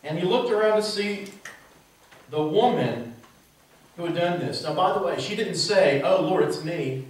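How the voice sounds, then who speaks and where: A man's voice: high voice, lively intonation, a little slow, pauses often. A male pastor preaching a sermon in a church, asking the congregation rhetorical questions. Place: church sanctuary. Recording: very echoey church heard from a distance.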